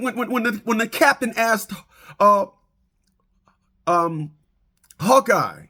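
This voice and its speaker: A man with a high voice delivers a comic rant straight to his viewers. His pitch leaps up and down as he stammers, repeats himself and laughs at his own jokes. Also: expressive, takes it slowly, long pauses, pushed and bright. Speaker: vlogger.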